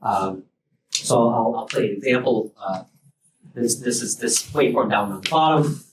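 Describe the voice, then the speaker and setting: A man's voice: mid-range voice, normal speed. A man giving a technical research talk at a workshop, talking loosely with many fillers and restarts. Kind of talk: technical lecture. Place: lecture room at a workshop. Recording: roomy sound, mic at a distance, faint noise.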